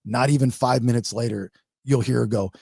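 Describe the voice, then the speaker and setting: Gravelly man telling a rambling story. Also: medium pitch, a little fast, dry recording, clean studio sound. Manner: rambling, animated, acts out his wife in quotes. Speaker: podcast host. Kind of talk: casual comedic storytelling.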